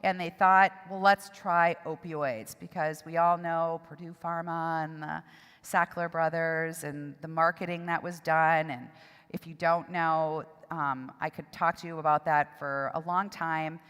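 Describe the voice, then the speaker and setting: A middle-aged woman giving a personal testimony at a seminar, speaking in an emotional, halting way with pauses and restarts. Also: sits low, level tone, fairly bright tone, clean tone. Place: church hall. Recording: long hall reverb.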